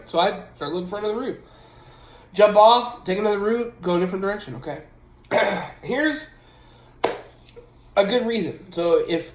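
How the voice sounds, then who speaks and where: A man's voice: high voice, normal speed. A man who drives trucks giving casual safety advice at home, emphatic and repeating his points with a frequent "okay?". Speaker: truck driver and channel host. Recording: roomy echo.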